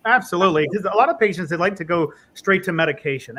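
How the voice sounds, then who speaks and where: Animated male respiratory therapist with a slightly high voice who acts out dialogue in his stories, faint noise behind. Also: racing. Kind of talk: casual conversation.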